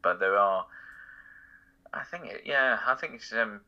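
Low-pitched essex guy, really forceful sharp tone, rambly chat with lots of ums, kinda muffled lo-fi audio. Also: animated, measured pace. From Essex, outside London. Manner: rambling, chuckling, many fillers. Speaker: voice impressionist guest. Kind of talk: casual conversational interview.

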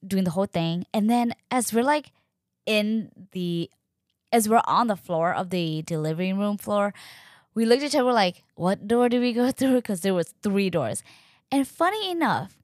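Young woman rambling through a story, lots of "like", jumps up high when quoting people, dry close sound. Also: no echo. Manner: chatty, animated, acts out quoted voices with pitch jumps. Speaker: podcast host sharing her birth story. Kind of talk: casual storytelling.

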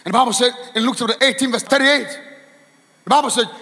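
A man preaching a fiery sermon in a church, shouting and chanting in a sing-song cadence. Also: very high voice, fast talker. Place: church hall. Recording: echoey church hall.

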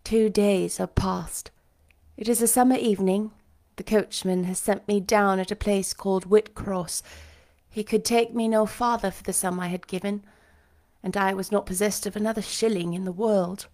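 Chatty woman reading a classic novel aloud. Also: mid-range voice. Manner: chatty and self-mocking between chapters; measured, expressive reading of first-person narration. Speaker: audiobook reader.

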